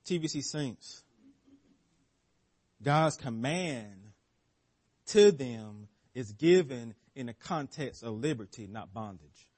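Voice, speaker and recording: A man's voice: mid-range voice, lively intonation, slow pace, pauses often, darkish tone, slightly rough. A man preaching a sermon as pastor, stressing key words, repeating phrases for emphasis and often restarting words.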